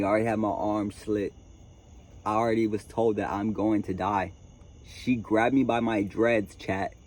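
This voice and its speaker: Low-voiced man telling a wild story. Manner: animated, addresses viewers as chat and y'all. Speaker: vlogger. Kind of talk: casual storytelling to viewers. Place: outdoors at a tent camp.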